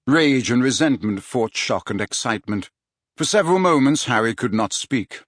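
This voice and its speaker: A man narrating an audiobook in an expressive, dramatic reading style. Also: mid-range voice, moderate pace, dry recording, studio quality. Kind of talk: scripted storybook narration.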